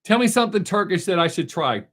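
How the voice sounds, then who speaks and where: An older man hosts his weekly live stream and answers viewer questions in a loose, easygoing way. He rambles a little, stops to restart his sentences and fills the gaps with "uh." His voice sits a bit higher than most men's. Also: fast. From United States. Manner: relaxed, rambling, with many fillers and restarts. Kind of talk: casual chat answering viewers.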